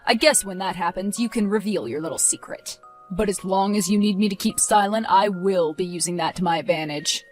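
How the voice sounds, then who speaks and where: A woman's voice: mid-range voice, a little fast, faint music behind, natural voice. A woman voicing a smug, manipulative teenage boy who mocks and coolly threatens his twin.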